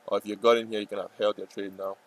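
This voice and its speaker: A man talking casually over a live trading stream, rambling and joking, sometimes breaking into loud playful yelling. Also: lowish voice, flat delivery, very fast, rough recording.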